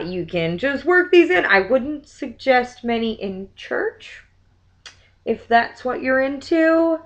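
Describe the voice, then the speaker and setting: A woman's voice: mid-range voice, a bit bright. A young woman vlogger in a casual chat, reading limericks aloud in a theatrical sing-song way and dropping to muttered asides between them.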